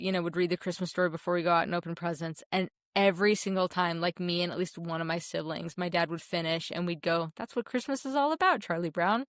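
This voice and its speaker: Young woman podcast co-host, heartfelt and a bit emotional, lowish pitch, dry close recording. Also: no room sound. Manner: heartfelt, emotional, many restarts. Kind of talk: casual film chat.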